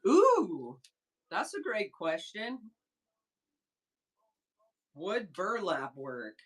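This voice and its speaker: A woman hosting a casual live sales stream, chatting excitedly with viewers and reading their comments aloud. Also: mid-range voice, takes it slowly. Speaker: livestream seller host. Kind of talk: casual livestream chat with viewers.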